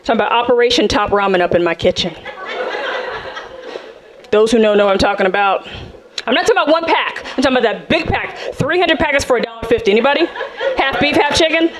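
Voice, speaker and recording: A woman from South Central Los Angeles doing a stand-up comedy set, sassy and animated, acting out the people in her stories. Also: a little high, fast talker, pauses often. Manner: sassy, animated, acts out characters. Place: comedy club stage with audience. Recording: live club, loud crowd laughter. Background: audience laughing.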